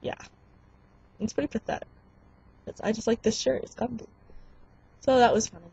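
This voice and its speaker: A young woman giving casual advice in a vlog, bubbly and excitable, squealing when she acts out quotes. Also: a little high, normal speed, vocal fry, slightly rough, no room sound, muffled recording. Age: young adult. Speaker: vlogger.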